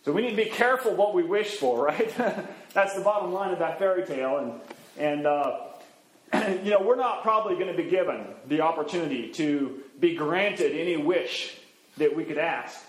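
A man preaching from the pulpit, relaxed and folksy as he tells a story and plays its characters. His voice sits fairly high, and the recording carries the roomy echo of a church. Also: moderate pace. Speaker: pastor. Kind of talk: sermon storytelling.

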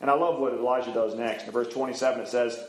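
A man's voice: mid-range voice, steady tone, quick pace. A man in the role of pastor giving a sermon, teaching from the Bible in a conversational way with frequent fillers. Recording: roomy echo.

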